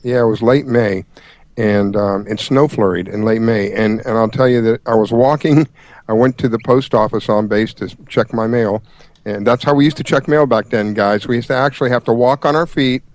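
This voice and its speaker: A man's voice: mid-range voice, normal speed, a little mellow, dry recording. A man hosting a casual chat, telling a story with many hesitations and restarts.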